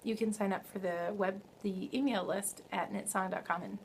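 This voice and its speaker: A woman's voice: medium pitch, fairly even intonation, moderate pace, a little hiss or hum. Chatty, bubbly woman podcaster. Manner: bubbly, chatty, full of fillers and self-corrections. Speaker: knitting podcast host. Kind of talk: casual video podcast chat. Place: home, early morning.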